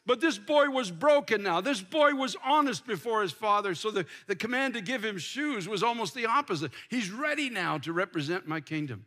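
A man's voice: high voice, expressive, normal speed, few pauses, sharp tone. An older man preaching a sermon from a church pulpit, impassioned and full of restarts. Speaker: pastor. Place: large church sanctuary.

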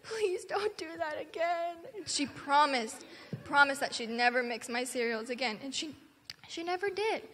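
A woman with a high, bright voice tells the children a story during a church service. She speaks in an animated, expressive way. Her voice rings out in a church sanctuary with a long reverb. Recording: long hall reverb, faint noise.

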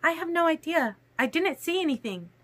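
Woman reading as a high, bright, cool young vampire girl, clipped and insistent. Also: expressive, normal speed. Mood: cool, defensive. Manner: cold, clipped replies.

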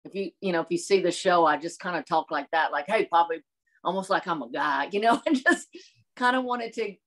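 A middle-aged woman from the American South, chatting in an interview as a guest, lively and quick to laugh, acting out quotes as she tells stories. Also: on the low side. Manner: animated, laughs often, acts out quotes. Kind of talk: casual interview chat.

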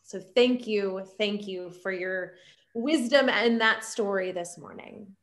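A woman leading a church service, speaking gentle, measured words of thanks and reflection. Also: mid-range voice.

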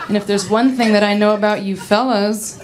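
A woman's voice: mid-range voice, steady tone, fairly quick. A young woman in her twenties doing a stand-up comedy set on a club stage, giggly and bubbly, with an audience laughing behind her. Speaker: stand-up comic. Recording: noisy live club recording.

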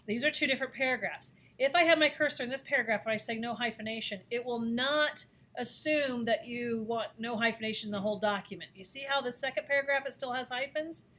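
A woman teaching a design software class, with a voice pitched a little high. She talks through each step as she works and thinks aloud, with plenty of ums and uhs. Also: fast. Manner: chatty, thinks aloud with fillers. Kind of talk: screen-recorded software lesson.

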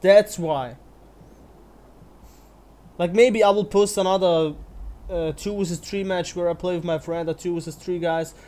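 A man's voice: high-pitched, steady tone, a little slow, pauses often, a little mellow. A young man giving angry, swearing commentary over his own online game match. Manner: angry ranting, heavy swearing. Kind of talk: gameplay commentary.

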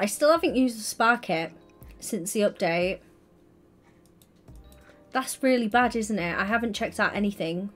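Young woman, livestream chat, gushing, excitable, high squeals, faint background music. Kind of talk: casual live stream chat.

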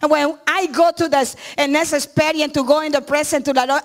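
A middle-aged woman pastor, not a native English speaker, preaching a sermon in earnest, halting English with frequent restarts. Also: high-pitched, steady tone.

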